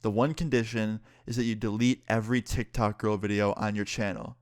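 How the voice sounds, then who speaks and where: A man quoting a defiant young woman in a story-time vlog, in a flat, sulky tone close to his own voice. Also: on the low side, fairly quick, no room sound, lightly acted.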